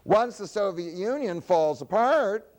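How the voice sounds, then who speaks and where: A man's voice: high-pitched, expressive, a little slow, a little mellow, in a large hall. A man giving a public lecture, who poses rhetorical questions and answers them himself.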